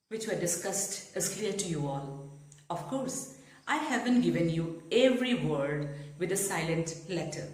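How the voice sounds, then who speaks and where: A woman with an Indian English accent, a native Assamese speaker, teaching pronunciation patiently, spelling words letter by letter and repeating them. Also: lowish voice. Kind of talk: slow spelled-out pronunciation lesson. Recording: echoey room.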